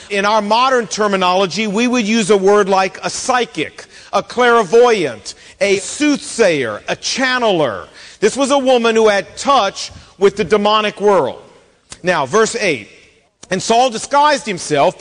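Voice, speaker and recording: A man delivers a sermon in a high, lifted voice, retelling scripture with lively storytelling and acted-out lines. His voice carries a long reverb, as if spoken in a large hall. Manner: expressive Bible storytelling, acting out quotes. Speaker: pastor.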